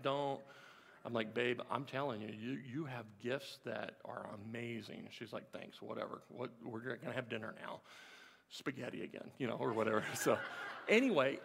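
Guy preaching, gravelly, storytelling and joking, big echoey church. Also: mid-range voice. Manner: storytelling, animated, laughing asides. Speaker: pastor. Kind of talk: sermon. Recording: long reverb of a hall.

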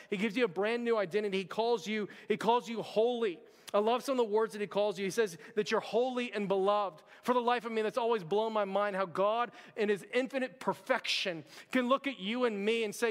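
High-voiced pastor preaching in a reverberant church. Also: male voice. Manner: earnest, conversational preaching with frequent "church, like". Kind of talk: sermon. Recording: long hall reverb.

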